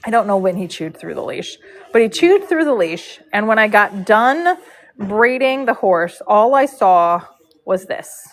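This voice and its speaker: A woman telling a rambling, animated story on a casual livestream, with frequent fillers. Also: mid-range voice, a little slow, rough recording. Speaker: horse braider and live streamer.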